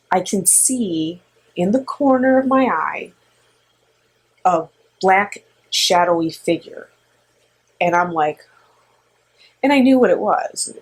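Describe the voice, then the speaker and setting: A middle-aged woman co-hosting with her son, telling a story in a rambling, animated way with lots of fillers. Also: mid-range voice, breathy edge. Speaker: co-host and mother. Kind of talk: casual storytelling.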